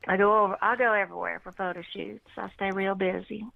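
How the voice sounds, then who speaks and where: A woman's voice: mid-range voice, fairly even intonation, fast talker, gravelly. A woman from Texas with a Texan accent, calling in to a show and chatting in a playful drawl, saying y'all and babe. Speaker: caller. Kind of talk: phone-in chat. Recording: tinny phone line.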